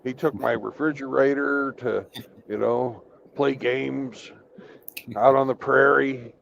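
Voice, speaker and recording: A man's voice: medium pitch, fairly even intonation, slow, gravelly, a bit bright, muffled recording, slight background noise. A man who works as a truck driver, talking in a casual online group chat, teasing and stammering as he repeats words.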